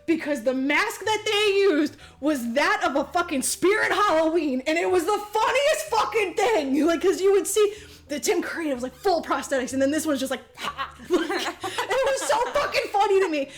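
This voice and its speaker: A woman's voice: very high voice, animated, normal speed. A woman podcast host giving a casual comedic movie recap, rambling, swearing freely and laughing as she talks. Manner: profane, rambling, laughs often while telling.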